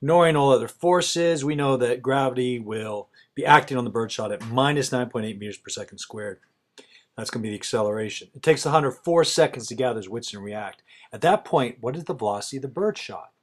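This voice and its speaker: Guy reading out physics problems, calm and measured, mid-pitched voice. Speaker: physics teacher.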